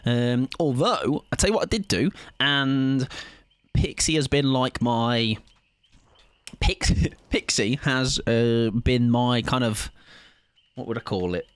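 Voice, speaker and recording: A young man streaming a game, chatting loudly and energetically with his viewers and laughing often. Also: mid-range voice, slow, smooth, dry recording. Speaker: livestreamer. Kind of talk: casual gaming livestream chat.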